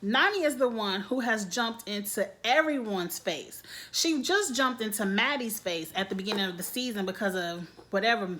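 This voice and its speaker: A woman hosting a casual reality TV recap vlog, talking in an animated, gossipy way and laughing often. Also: medium pitch, moderate pace, few pauses, background noise.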